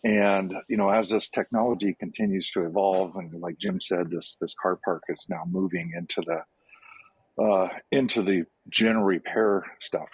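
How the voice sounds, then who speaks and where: A man's voice: deep voice, slightly rough, no room sound, poor audio. A man who runs a repair shop, speaking conversationally on an industry panel. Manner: conversational, with many fillers. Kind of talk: panel discussion.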